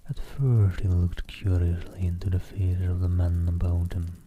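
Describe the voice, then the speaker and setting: A man reads aloud in a soft ASMR whisper, close to the mic. His voice is deep and very dark, and a faint hiss sits under it. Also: little pitch movement, moderate pace, highs cut off. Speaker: streamer reading a novel aloud. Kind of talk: ASMR reading.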